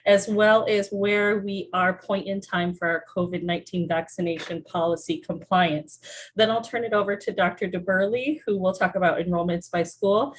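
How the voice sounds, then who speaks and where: A woman, a college vice president, giving a brisk, organized presentation to trustees. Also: lowish voice, poor audio. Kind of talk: formal presentation.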